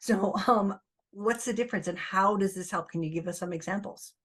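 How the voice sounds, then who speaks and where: A woman hosting an interview, asking slow questions with pauses. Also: medium pitch, fairly bright tone. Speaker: host. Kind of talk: podcast interview.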